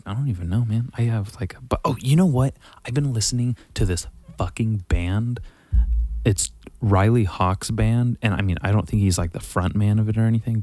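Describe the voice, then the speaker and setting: A man's voice: fairly low pitch, a little mellow, no room sound. A man hosting a solo podcast, rambling casually, swearing constantly and correcting himself mid-sentence. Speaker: podcast host.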